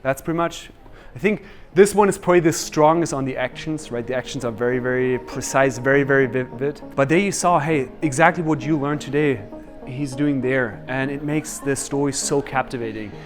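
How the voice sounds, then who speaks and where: A man leading a storytelling workshop, energetic and quizzing his audience. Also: medium pitch, brisk, faint music behind. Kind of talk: interactive workshop teaching.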